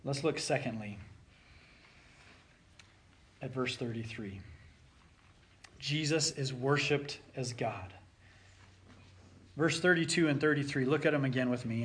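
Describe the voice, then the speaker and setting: A man preaching a sermon, swinging between loud urging and soft near-whispered passages. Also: mid-range voice, measured pace, long pauses.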